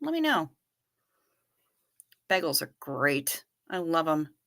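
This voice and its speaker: A woman's voice: low-pitched, very animated, slow, a bit bright. A woman hosting a livestream, chatting casually with viewers and reading their messages aloud, wry and loose with the odd swear. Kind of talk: casual chat.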